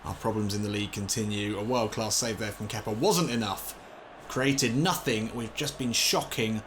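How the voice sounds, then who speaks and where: A young man commentating his own football video game, getting excited and swearing when things go wrong. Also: medium pitch, moderate pace, slight background noise. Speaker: gaming commentator. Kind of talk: let's play commentary.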